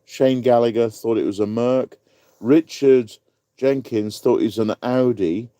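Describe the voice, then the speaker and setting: A man's voice: mid-range voice, steady tone, measured pace, warm tone, clear, resonant tone, dry recording. A man hosting a casual live-stream quiz, chatty and rambling, laughing at his own asides. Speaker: livestream quiz host.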